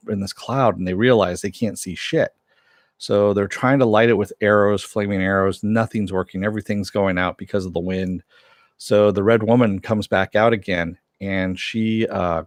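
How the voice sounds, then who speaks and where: A man's voice: on the low side, no echo, clean studio sound. A man casually recapping a TV episode for his viewers, rambling with many fillers and frequent chuckles. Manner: rambling, filler-heavy, laughs often, chats with viewers. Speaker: show reviewer.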